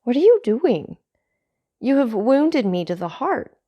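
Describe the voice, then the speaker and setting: A woman reading a gentle frail old father. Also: a little high, big pitch swings, measured pace, lo-fi sound, voice pushed up. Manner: soft, gentle, self-effacing. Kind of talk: audiobook character reading.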